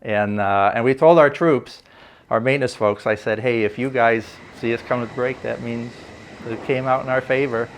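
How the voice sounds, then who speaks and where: An older man, a former Navy fighter pilot, telling a story for a documentary interview in a relaxed, anecdotal way with frequent fillers. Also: medium pitch, moderate pace, slight background noise.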